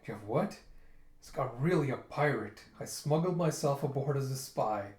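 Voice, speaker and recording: A man casually retelling a manga chapter for his readers, slipping into quick voices for the characters. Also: mid-range voice, lively intonation, darkish tone, reverberant. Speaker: manga reviewer reading aloud.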